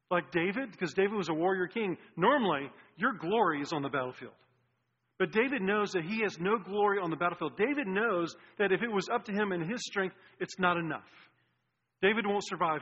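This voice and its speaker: A man preaching a sermon as pastor, earnest, with restarts and swings between loud and hushed delivery. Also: high-pitched, a little fast, slightly rough. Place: church sanctuary. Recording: dull lo-fi sound with long hall reverb.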